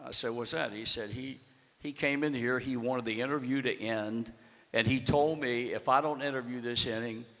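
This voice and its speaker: A man's voice: mid-range voice, a bit bright, in a large hall. An older man telling a blunt, salty anecdote to an audience as guest speaker. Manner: blunt, salty, wry storyteller.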